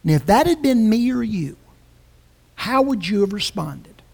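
Breathy woman preaching with passion. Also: medium pitch, very animated, measured pace, warm tone. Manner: impassioned, emphatic, with restarts. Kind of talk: sermon.

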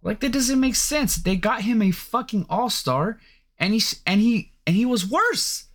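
A man's voice: sits high, expressive, measured pace, fairly bright tone. A man hosting a sports podcast, ranting casually and profanely with incredulous outbursts. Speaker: podcast host.

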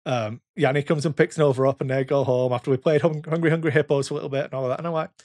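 A man in his thirties, hosting a casual podcast chat and telling animated stories full of swearing and quoted voices. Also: a little high, very fast, dry recording, studio quality. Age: 30s. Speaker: podcast host.

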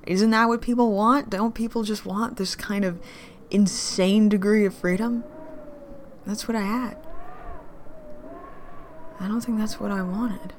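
An actress playing a drunk woman in an audio drama monologue, grieving and bitter, her voice shifting between whispers and louder outbursts. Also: mid-range voice, fairly even intonation, a little slow, long pauses, noisy background, natural voice. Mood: angry.

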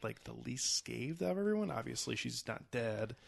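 A man's voice: medium pitch, expressive, normal speed, vocal fry, dry recording. A man co-hosting a podcast, laid-back and hesitant, talking about a film with lots of uhs. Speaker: podcast co-host. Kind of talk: casual film discussion.

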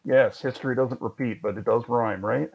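A man's voice: medium pitch, normal speed, vocal fry, husky, highs cut off. A man hosting a podcast, telling sports history in a chatty, wry way with jokey asides. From Canada. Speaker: podcast host. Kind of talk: conversational history storytelling.

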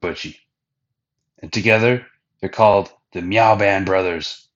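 A man hosts a casual anime recap in a loose, slangy way, full of "like" and offhand swearing. His voice is low and the recording is dull and lo-fi. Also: a little slow. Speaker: podcast host recapping anime.

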